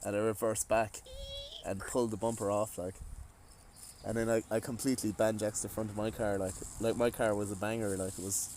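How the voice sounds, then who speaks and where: An Irish man chatting casually with his wife, animated as he tells a story and quotes other people. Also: on the low side, brisk, a little hiss or hum. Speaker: co-host, husband. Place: garden outdoors. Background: faint outdoor ambience.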